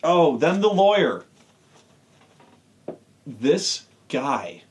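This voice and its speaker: A man's voice: fairly high pitch, big pitch swings, drawn-out words. A man giving a sarcastic, profane rant as an online wrestling reviewer. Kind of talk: casual ranting commentary.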